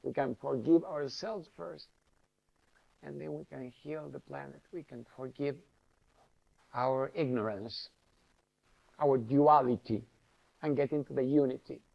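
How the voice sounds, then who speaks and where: Earnest gravelly man preaching. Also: mid-range voice, fairly even intonation, unhurried, long pauses, highs cut off. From Argentina. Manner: earnest, preaching with repeated rhetorical phrases. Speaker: inspirational speaker. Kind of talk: spiritual tribute message.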